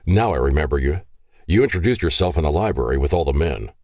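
A man's voice: very deep voice, lively intonation, quick pace, darkish tone, dry recording, clean studio sound. A man doing a furious, growling father. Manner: stern, growling, commanding. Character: furious protective father, gruff and commanding.

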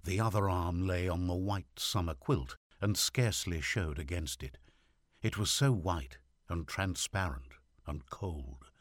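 A man narrating a classic short story as an audiobook, in a measured, expressive reading. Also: low voice, breathy edge, dry recording, clean studio sound. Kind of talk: scripted narration.

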